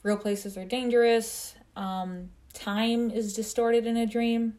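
A woman's voice: fairly high pitch, level tone, slow pace, mellow. Joking Midwestern woman recapping a film. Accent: Midwestern American. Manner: chatty and joking, recapping the plot. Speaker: podcast co-host. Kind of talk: casual movie review chat.

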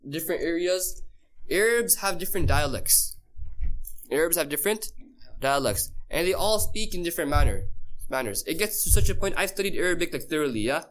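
A man's voice: on the high side, animated, fast. A man teaching a casual class, quizzing his listeners and repeating key phrases for emphasis. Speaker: Islamic teacher.

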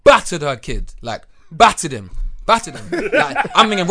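A man chatting casually on a podcast, telling stories in an animated way, acting out voices and laughing as he goes. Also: on the high side, normal speed, a loud crowd. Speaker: podcast host. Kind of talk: casual chat.

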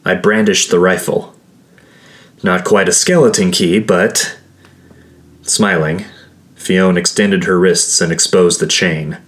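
Deep, slow male storyteller. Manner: measured, steady storytelling. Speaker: narrator. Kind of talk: first-person story narration. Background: faint music.

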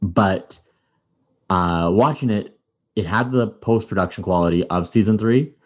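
A man's voice: lowish voice, unhurried. A man hosting a podcast, chatting casually and rambling with many fillers and restarts. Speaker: podcast host. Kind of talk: casual chat.

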